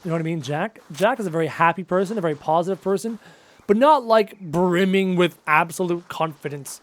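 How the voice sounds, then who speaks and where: A man's voice: high voice, fairly quick. A man around thirty chatting casually and upbeat with viewers on a live gaming stream. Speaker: gaming livestreamer. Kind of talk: casual live-stream chat while playing.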